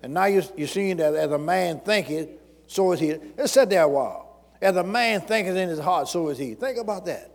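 A man's voice: high-pitched, lively intonation, brisk, gravelly, big-room sound. A man preaching a sermon as pastor, repeating phrases and calling out questions to the congregation.

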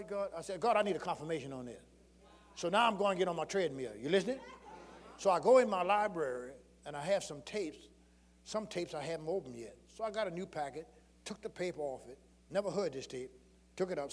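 A man preaching a sermon, telling folksy stories that swing from murmured asides to shouted exhortation. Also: high-pitched, lively intonation, fairly quick, big-room sound. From rural Southern United States. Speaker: pastor.

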